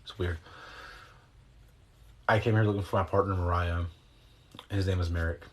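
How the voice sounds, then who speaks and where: A man with a low voice talks to his viewers in a loose, wandering way, full of slang and the odd curse word. He answers chat questions and talks them through breathing exercises, recorded on a phone. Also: steady tone, normal speed. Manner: rambling, loose and slangy, with mild swearing. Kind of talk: casual livestream chat and guided breathing instruction.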